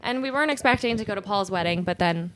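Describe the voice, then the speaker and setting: A woman in her twenties co-hosting a podcast, chatting casually and upbeat with quick asides. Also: mid-range voice, animated, a bit bright, no echo. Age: 20s. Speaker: podcast co-host.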